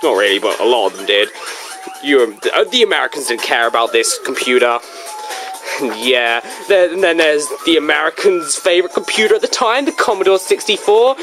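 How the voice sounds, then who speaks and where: A video reviewer talking casually through a book, in a rambling, joking manner with big swings in pitch. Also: a bit bright.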